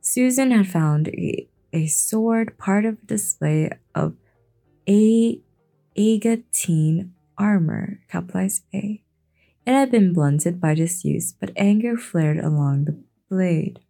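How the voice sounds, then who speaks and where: A woman giving a relaxed late-night fantasy reading, hesitant and chatty, stumbling and breaking off for asides. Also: on the low side, takes it slowly, gravelly, faint music behind. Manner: laid-back, hesitant, self-interrupting. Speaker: bedtime reader.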